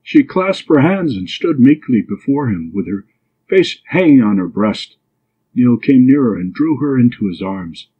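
Man narrating a storybook, breathy husky voice, muffled lo-fi sound. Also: mid-range voice, expressive, a little slow. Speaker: audiobook reader. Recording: dull lo-fi recording.

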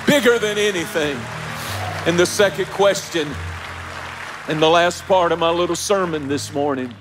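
Emotional pastor preaching with soft music. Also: male voice, fairly high pitch, moderate pace, crowd noise. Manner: repetitive preaching cadence, building emphasis. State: emotional, near tears. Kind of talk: sermon. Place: large church auditorium, live congregation. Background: faint music.

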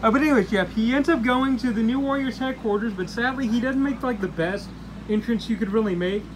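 A man's voice: very high voice, a little fast, noisy background. A man casually reviewing a comic book, rambling loosely and filling his talk with "you know" and "like". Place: indoors. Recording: echoey room.

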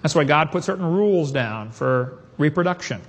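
A man's voice: a little high, expressive, normal speed. A man giving a preaching seminar talk in a folksy, emphatic way, chuckling at his own jokes. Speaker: creationist speaker.

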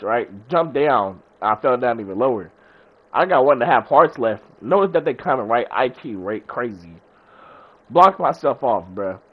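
A man who runs a gaming channel, excitedly retelling a match in casual slang. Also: medium pitch. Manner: slangy, excitable, fast-talking recap. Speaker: gaming YouTuber. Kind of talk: animated storytelling over gameplay.

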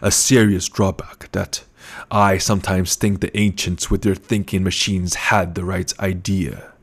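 A man voicing a gluttonous, scheming older male baron who speaks slowly and condescendingly. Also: deep voice, flat delivery, gravelly, exaggerated voice. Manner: slow, menacing and condescending.

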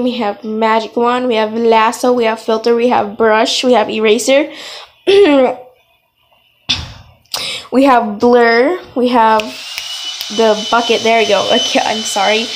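A woman's voice: on the high side, noisy background. A young woman giving a rambling, giggly casual drawing tutorial, often laughing and interrupting herself. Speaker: vlogger. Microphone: phone.

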